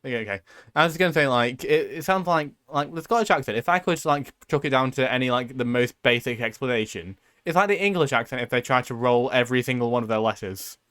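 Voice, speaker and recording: Smooth-voiced male podcast host. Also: medium pitch, lively intonation, quick pace, fairly bright tone. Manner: rambling, filler-heavy, with many likes and restarts. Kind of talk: casual chat.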